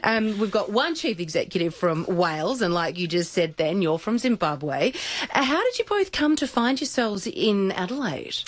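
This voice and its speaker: A woman hosting a casual radio interview, chatty and quick to laugh as she asks her questions. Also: medium pitch, expressive. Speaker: radio host.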